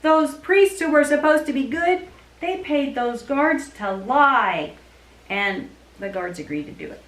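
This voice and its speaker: A woman tells a Bible story to young children, her high voice swooping up and down. She talks in an animated storytelling manner. The room around her sounds echoey. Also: unhurried. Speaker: children's church teacher.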